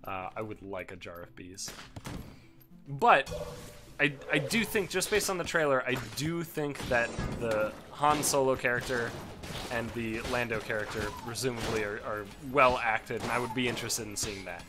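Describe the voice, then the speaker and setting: A man's voice: mid-range voice, normal speed, music in the background. Ranting, swearing young man gamer. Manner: ranting, profane, self-interrupting. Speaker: let's play host. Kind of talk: casual gaming commentary.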